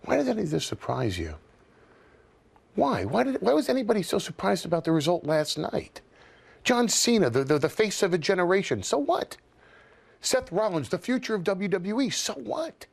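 A man with a gravelly, husky voice cuts a wrestling promo in a theatrical way. His pitch leaps from high to low as he stretches words. He drops into a hoarse whisper for emphasis. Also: very animated, moderate pace. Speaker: wrestler's advocate.

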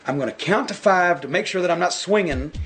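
A man telling a long, profane anecdote in a casual interview, animated and full of asides. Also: high-pitched, fairly quick. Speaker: guest telling a story. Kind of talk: casual storytelling.

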